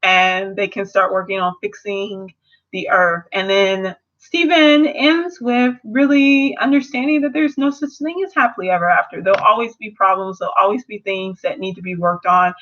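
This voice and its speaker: Young woman, casual reviewer, lively storyteller, slightly dull lo-fi home audio. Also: medium pitch, normal speed. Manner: animated, acts out characters in quotes. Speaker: video reviewer.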